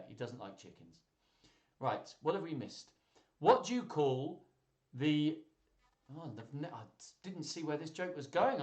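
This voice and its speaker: Lively, chatty man in an echoey room. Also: medium pitch. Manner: chatty, laughs at jokes, lively delivery. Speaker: host of a live children's joke and story stream. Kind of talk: casual live-stream chat reading out jokes.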